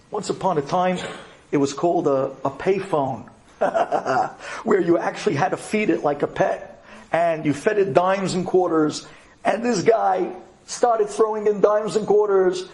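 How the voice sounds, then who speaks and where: A rabbi giving a dramatic personal storytelling talk, swinging from loud to quiet for emphasis. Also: male voice, sits high.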